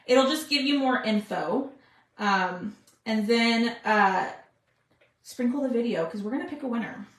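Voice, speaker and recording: Speaking a little slowly in a fairly high, expressive voice, this woman runs a live craft stream and talks to viewers while working. She's chatty, says "y'all," and the casual demo sounds reverberant.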